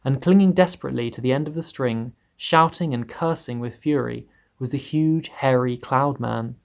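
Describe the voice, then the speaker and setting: A man reading a children's book aloud in steady storytelling, voicing the characters higher. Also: moderate pace, vocal fry. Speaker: reader.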